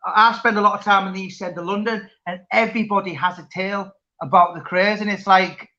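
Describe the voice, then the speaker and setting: A man's voice: high voice, fairly even intonation, quick pace, sharp tone, muffled recording. A man interviewing a guest, asking questions in a casual, conversational way. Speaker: interviewer, author.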